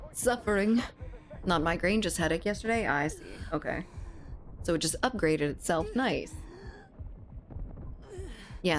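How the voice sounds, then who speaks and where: A woman gaming streamer in her 20s from South Louisiana, USA, speaks in a lowish voice with a little hiss or hum. She jokes, swears often and banters with viewers, chatting casually while playing a shooter and reading chat, with faint game gunfire behind her.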